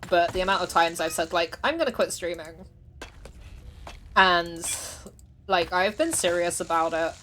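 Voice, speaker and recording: A woman's voice: fairly low pitch, fairly bright tone, a little hiss or hum. A woman streamer chatting casually while she plays, chatty and self-deprecating, laughing often. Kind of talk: casual livestream chat while gaming.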